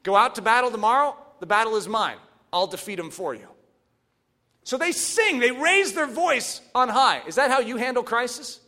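A man preaching a sermon, animated and swinging from hushed asides to shouts. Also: very high voice, moderate pace. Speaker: pastor.

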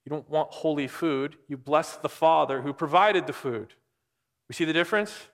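On the high side and a bit bright, a man's voice moves at a moderate pace through a conversational sermon. The pastor explains scripture and asks his listeners questions, his voice echoing with long hall reverb.

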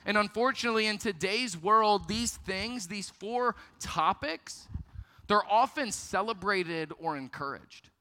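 A young man giving a youth ministry sermon, telling stories about himself in a lively, self-deprecating way. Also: high-pitched, measured pace. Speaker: youth pastor. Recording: long hall reverb.

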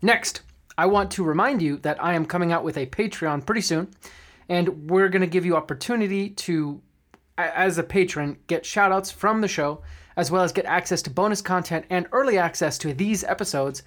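A man's voice: high-pitched, moderate pace, a bit bright. A man hosting a podcast about running tabletop games, talking in a friendly, chatty way with fillers. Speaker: podcast host and game master. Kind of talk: casual podcast talk.

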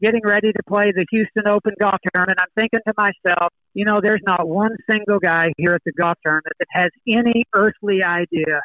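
An older man, a golfer, telling animated stories as a guest in a podcast interview. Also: high voice, fairly quick, hardly any pauses, no echo, lo-fi sound. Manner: storytelling, animated.

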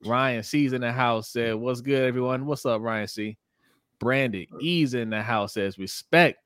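A man's voice: medium pitch, unhurried, smooth, no room sound, studio quality. A man co-hosting a sports livestream, reading viewer comments aloud and greeting each one by name, with frequent laughs. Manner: animated, greets chat by name, laughs often.

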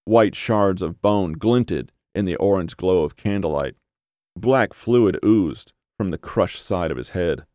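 Deep-voiced male horror audiobook narrator. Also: animated, measured pace, darkish tone, no room sound, clean studio sound.

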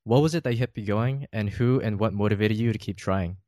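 A male interviewer reading prepared questions in a measured, steady way. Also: on the low side, no room sound, studio quality.

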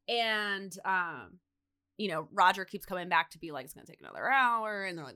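A woman's voice: mid-range voice, a little fast. A woman co-hosting a podcast, casually retelling a TV episode and acting out the characters as she goes. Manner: animated storyteller, acts out characters. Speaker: podcast co-host.

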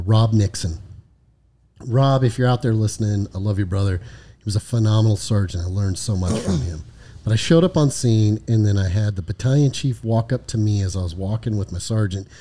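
Mellow-voiced man telling a war story. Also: lowish voice. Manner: profane, frequent "right?" tag questions. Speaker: podcast co-host, former highway patrol lieutenant. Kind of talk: casual spoken storytelling.

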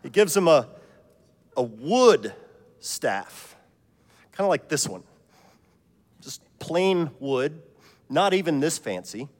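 A man preaching a sermon as pastor, telling a joke story in a relaxed, conversational way. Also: a little high, takes it slowly, pauses often, big-room sound.

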